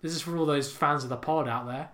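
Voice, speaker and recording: Through heavy background noise, a man with a somewhat high voice talks quickly as he hosts a podcast. He tells absurd, rambling comic stories, cursing and laughing at his own jokes into the microphone.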